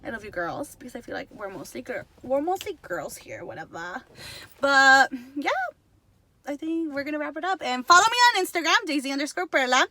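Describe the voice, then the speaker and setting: A woman's voice: high-pitched, expressive, a little fast, bright, forceful tone, no echo. A woman vlogger chatting casually to her followers, rambling and gushing with lots of "like" and the odd Spanish word. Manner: rambling and gushing, heavy use of "like", drops in Spanish words. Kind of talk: casual chat to camera.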